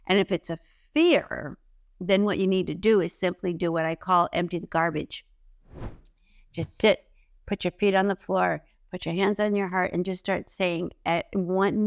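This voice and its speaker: Woman teaching how to trust your gut, smooth clear voice, says things twice for emphasis, dry close sound. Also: mid-range voice, no echo. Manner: emphatic, repeats key phrases, gives direct instructions. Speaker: intuition teacher. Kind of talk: instructional self-help talk to camera.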